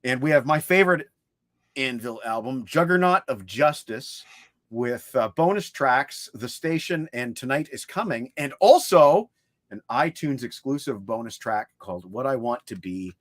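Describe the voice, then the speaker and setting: This casual livestream features a male co-host with a mid-range voice and moderate pace, enthusing about his CD collection. There's no echo.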